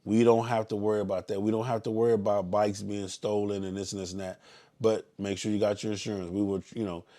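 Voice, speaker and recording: In a fairly low, flat voice, a fast-talking Southern US man leads his motorcycle club ride and briefs the riders over a casual live stream. He's blunt and preachy, and sometimes breaks into loud yelling.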